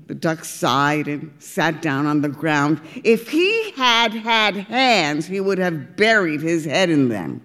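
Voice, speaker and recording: A woman narrating a storybook, expressive and deliberate. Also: low voice, in a large hall. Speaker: audiobook reader.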